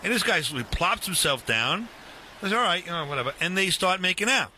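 A man in his fifties casually telling a long story, animated and full of restarts, acting out the dialogue. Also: sits high, a little fast, slight background noise.

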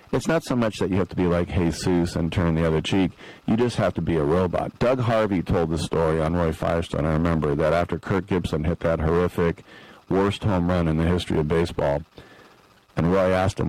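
Man, sports talk host, very low voice, dry studio sound, animated storyteller. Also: normal speed, no room sound, low-quality recording. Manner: animated storyteller who acts out quotes. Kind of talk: casual sports talk monologue.

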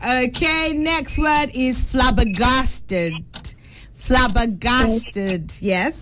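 A woman's voice: on the high side, background noise. Nigerian woman hosting a radio quiz. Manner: pronounces quiz words slowly and deliberately.

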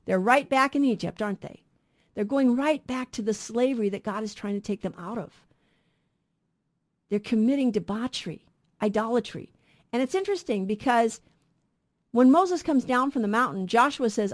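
A woman's voice: a little high, lively intonation, normal speed, pauses often. A woman co-hosting a radio Bible program, teaching earnestly and emphatically and asking rhetorical questions in a studio.

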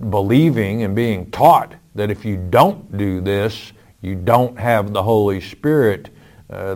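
A man with a lowish voice who takes his time, reading out listener questions and answering them with Bible references. He speaks firmly and matter-of-factly, with plenty of "uh" fillers. It sounds like a radio Bible question-and-answer show. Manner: firm, matter-of-fact, cites scripture chapter and verse; frequent "uh" fillers.

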